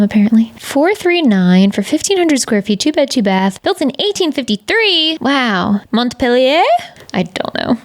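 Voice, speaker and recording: A young woman casually commenting out loud as she browses house listings, reacting with laughs and gasps. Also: mid-range voice. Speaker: vlogger.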